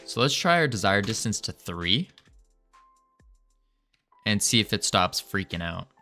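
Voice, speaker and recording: A man's voice: fairly low pitch, big pitch swings, measured pace, bright, forceful tone, faint music behind. A man on a casual livestream, rambling and thinking aloud with small restarts while he works on code. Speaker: game developer streaming.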